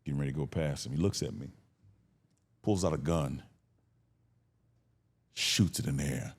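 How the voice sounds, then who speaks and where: A man in his fifties from Cleveland, telling stories as a guest in a casual conversation. He is animated, laughs often and acts out the voices of people he quotes. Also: extremely low pitch, moderate pace, husky. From Cleveland, United States. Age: 50s.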